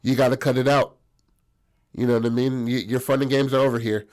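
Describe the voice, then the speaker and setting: A man's voice: mid-range voice, flat delivery, brisk, a little mellow, lightly acted. A man voicing a bossy middle-aged circus ringmaster who scolds firmly.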